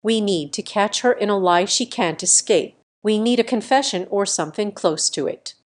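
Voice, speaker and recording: A calm old father, read by a woman narrator, speaks firmly and in measured tones. His resolve runs through a storybook reading. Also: mid-range voice, natural voice. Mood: resolute.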